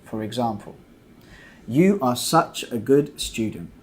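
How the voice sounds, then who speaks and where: Slow, deliberate male English teacher. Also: medium pitch, animated, slight background noise. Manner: slow, deliberate, patient explaining with many examples. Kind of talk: scripted grammar lesson.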